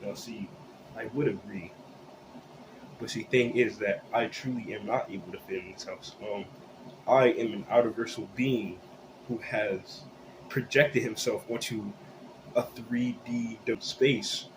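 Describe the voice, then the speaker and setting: A man puts on a self-proclaimed universal bird, male and boastful, who talks in a grandiose, mock-serious tone. The voice sits fairly low over steady background noise. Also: a little slow, natural voice.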